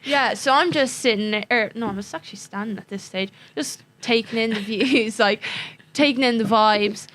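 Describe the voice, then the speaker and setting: A woman's voice: fairly high pitch, normal speed. A young Irish woman, a podcast guest, telling a story in casual chat and laughing often as she goes. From Ireland. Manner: animated, laughing often while telling stories.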